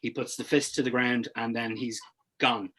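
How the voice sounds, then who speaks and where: A man's voice: mid-range voice, fairly even intonation, normal speed, a bit bright, husky. A man co-hosting a casual film podcast over a video call, rambling with many fillers and restarts. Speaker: podcast co-host.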